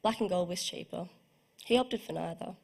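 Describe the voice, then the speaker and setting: A woman's voice: fairly low pitch, moderate pace, gravelly, darkish tone. A young woman reading her own short story aloud at a book launch, careful and evocative, with the odd small slip. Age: young adult. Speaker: student writer reading her work. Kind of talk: literary reading.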